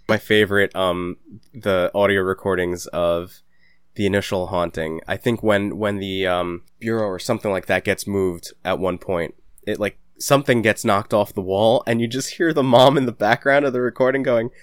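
A low-voiced man with a dry, close sound chats casually on a podcast. He jokes around and asks teasing, leading questions. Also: fairly even intonation, normal speed, smooth, no echo. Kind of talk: casual chat.

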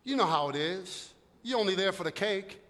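Middle-aged male pastor, very high bright voice, jokey and animated sermon; big echoing church hall. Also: moderate pace. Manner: animated, humorous, conversational, shouting for emphasis. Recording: long echo of a large hall.

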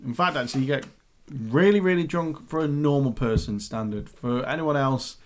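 A man's voice: mid-range voice, normal speed. A man acting as dungeon master, narrating a tabletop game in a chatty way with laughing asides.

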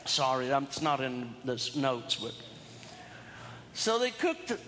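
A man's voice: mid-range voice, big pitch swings, slow pace, sharp tone, big-room sound, a little hiss or hum. A man preaching a sermon, retelling a story in a folksy, humorous way with asides to his congregation. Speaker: pastor.

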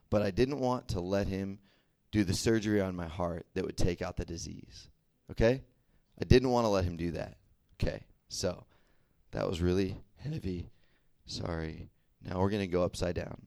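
Young southern guy preaching, chatty, keeps asking right? okay?, lowish voice, dry sound. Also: moderate pace, vocal fry, a little mellow, no echo. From American South. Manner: conversational, frequent "right?" and "okay?" checks. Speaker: youth preacher. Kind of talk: casual sermon to a crowd.

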